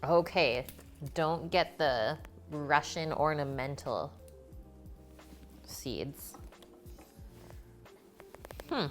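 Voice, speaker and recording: Soft music plays behind a woman with a deep voice who speaks very slowly and pauses often. She's running a live cooking stream in her kitchen, chatting casually and answering viewers by name.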